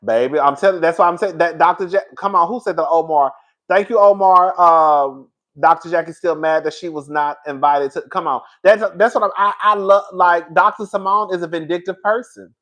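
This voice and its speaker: High-voiced sassy man streaming commentary. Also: moderate pace. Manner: animated, sassy, calls viewers "girl"; laughs often, swears freely. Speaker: reality TV show reviewer. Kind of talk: live-stream commentary, reading chat.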